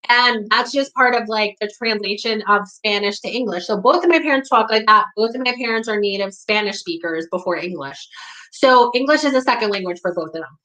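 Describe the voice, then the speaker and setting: A woman's voice: fairly high pitch, pushed and bright, poor audio. A woman with a New York accent talking candidly and bluntly to her audience, leaning on "like" and swearing when riled. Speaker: community talk host. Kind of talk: candid monologue to camera.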